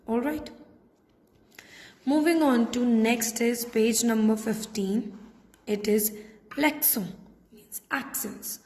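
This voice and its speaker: A woman with an Indian English accent teaches a classroom lesson at a slow, deliberate pace, her voice pitched a little high. She repeats each point patiently. The room is echoey, with a long reverb tail. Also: darkish tone. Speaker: French teacher.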